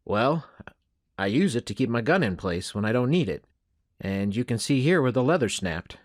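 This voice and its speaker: A man's voice: mid-range voice, sing-song, moderate pace, no echo, studio quality, close to an everyday voice. A man as a polite wandering cowboy. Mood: easygoing. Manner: courteous, plain-spoken.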